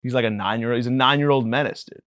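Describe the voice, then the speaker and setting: Male comedy podcaster, mid-pitched, swears and rambles, dry close sound. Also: rapid-fire, fairly bright tone, clean tone, no room sound. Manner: profane, rambling, mock-indignant. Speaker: podcast host. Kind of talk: comedic monologue.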